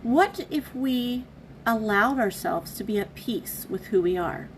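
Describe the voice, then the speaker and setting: A woman giving a casual devotional reflection, speaking in an earnest, candid and halting way. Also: on the high side, lively intonation, a little hiss or hum, rough recording. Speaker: devotional vlogger.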